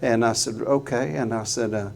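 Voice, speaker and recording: A middle-aged man telling an earnest, folksy story to a live audience in a guitar showroom, halting often with fillers. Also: medium pitch, fairly even intonation, creaky, darkish tone, slight background noise.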